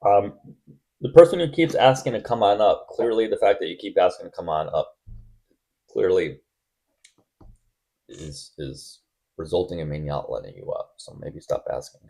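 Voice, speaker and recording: Very deep-voiced male stream host. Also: animated, vocal fry, dark tone. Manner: blunt, testy, quick to cut callers off. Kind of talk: casual live-stream debate hosting.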